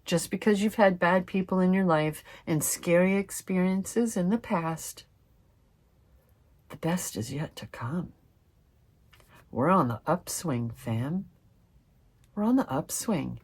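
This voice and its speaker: A young woman doing a casual tarot reading to camera, chatty and excitable, swearing freely and calling her viewers fam. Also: fairly low pitch, takes it slowly, pauses often. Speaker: tarot reader.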